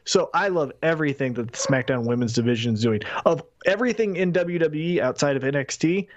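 Animated podcast guy, lively voice. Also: fast talker, lo-fi sound. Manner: animated, acts out quotes with big pitch jumps. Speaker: podcast co-host. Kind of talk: casual podcast chat.

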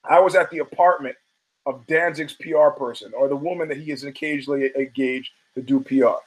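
A man's voice: mid-range voice, steady tone, fairly quick, rough recording. A man hosting his own podcast, telling rambling, profane stories and acting out the voices of the people in them. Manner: loose, swearing, acts out quoted voices. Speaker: podcast host. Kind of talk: profane storytelling monologue.

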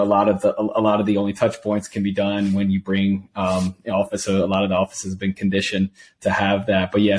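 Low, flat-voiced podcast host. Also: male voice. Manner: halting, many fillers and repeats. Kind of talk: casual interview.

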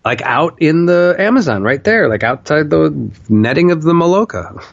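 A man's voice: on the high side, expressive, normal speed, vocal fry, no echo, dull audio. A man casually telling a long personal story, swearing freely and often saying "like.". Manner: candid, profane, with frequent "like" fillers.

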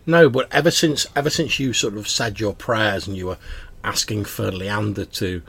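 A man with a low, gravelly and husky voice runs a tabletop game as game master. He narrates in a wry, mock-solemn way. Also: moderate pace, fairly bright tone.

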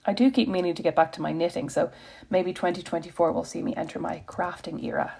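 A woman's voice: fairly low pitch, steady tone, fast, gravelly, warm tone, husky. A woman reading her own reflective personal post aloud, wry, self-deprecating and confessional.

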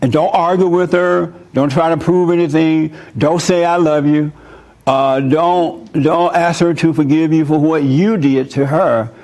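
A man preaching in an easygoing, conversational way, his voice sitting a little higher than most men's. He answers listener questions with personal stories and breaks into chuckles often. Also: fairly even intonation, measured pace, a little mellow. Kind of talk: informal sermon.

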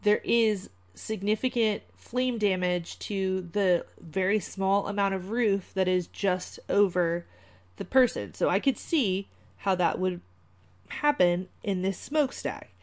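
Woman podcast host, mid-pitched, rambling and wry, filler-heavy chat. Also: takes it slowly. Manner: chatty, rambling, many fillers, wry asides. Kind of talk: casual conspiracy podcast talk.

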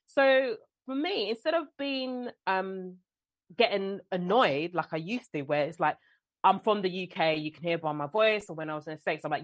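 A young adult woman with a London accent, telling lively stories as a guest in a conversational interview. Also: medium pitch, moderate pace, dry recording. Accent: London English. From London, England. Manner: animated storyteller, mimics other people. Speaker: guest actress and filmmaker.

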